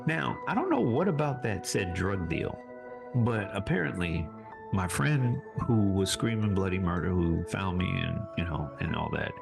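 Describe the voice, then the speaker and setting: Deep gravelly man telling his story. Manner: animated, voice jumps high when reliving anger. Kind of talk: casual storytelling.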